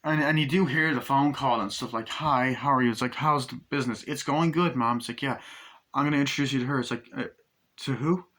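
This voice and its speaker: A man rambles through a casual movie review in a bright, forward voice. He keeps slipping into quick impressions of the characters' lines. He swears freely as he goes. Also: mid-range voice. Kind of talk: casual film review, retelling scenes.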